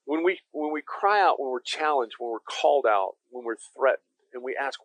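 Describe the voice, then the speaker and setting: A man's voice: medium pitch, expressive, normal speed, hardly any pauses, no room sound, low-quality recording. A man preaching a conversational sermon as pastor, emphatic and speaking directly to his listeners.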